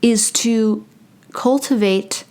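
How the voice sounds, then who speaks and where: A young adult woman channeling spirit in a casual talk to camera, playful and drifting into soft whispered asides. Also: fairly high pitch, very slow. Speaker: spiritual channeler and meditation host.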